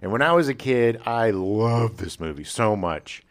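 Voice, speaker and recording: A man's voice: on the low side, expressive, unhurried. A man in middle age co-hosting a casual podcast chat, playful and given to jokes. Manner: playful, breaks into exaggerated singing. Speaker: podcast co-host.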